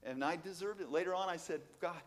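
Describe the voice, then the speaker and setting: Animated male preacher. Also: a little fast, long reverb tail. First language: Portuguese. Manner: animated, emphatic, swings from low asides to loud exclamations, rhetorical questions. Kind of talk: sermon.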